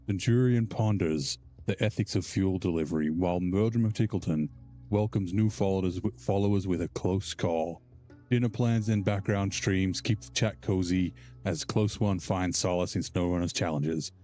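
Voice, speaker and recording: A man putting on a deep movie trailer announcer. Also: warm tone, faint music behind, natural voice. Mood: dramatic. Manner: slow, dramatic trailer delivery. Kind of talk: mock movie trailer narration.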